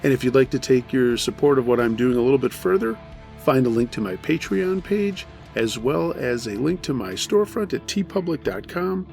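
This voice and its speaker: A man narrating a true horror story as the host of a storytelling show, measured with dry humor. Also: medium pitch, expressive, gravelly, darkish tone, soft background music.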